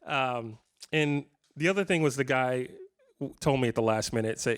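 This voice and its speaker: A man's voice: mid-range voice, normal speed. A man in his fifties, a guitarist telling funny stories to a live clinic audience. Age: 50s. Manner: animated, jokey anecdotes with frequent laughs. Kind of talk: casual storytelling to a live audience.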